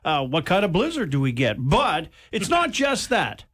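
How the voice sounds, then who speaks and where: A man hosting a morning radio show, chatting with guests in bright, bouncy banter and laughing often. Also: sits high, normal speed. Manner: lively, bouncy delivery with frequent laughs.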